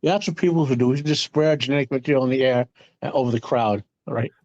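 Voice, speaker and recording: A man co-hosting a casual trailer reaction, blunt and wry with deadpan jokes. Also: mid-range voice, fast talker, dry recording, muffled recording.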